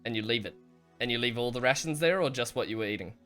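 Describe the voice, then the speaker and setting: A man narrating as game master of a tabletop game, with calm, descriptive narration and frequent chuckles. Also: mid-range voice, fast, smooth, faint music behind.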